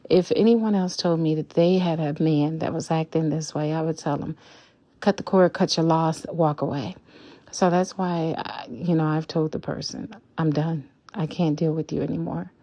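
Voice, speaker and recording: A woman in her fifties talks straight to camera about her relationship, outspoken and unwilling to sugarcoat. Her voice sits a little low and mellow. The sound is close and dry, with no room around it. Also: steady tone, moderate pace, few pauses, no echo. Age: 50s. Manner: outspoken, blunt and emphatic. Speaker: vlogger. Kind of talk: candid relationship vlog.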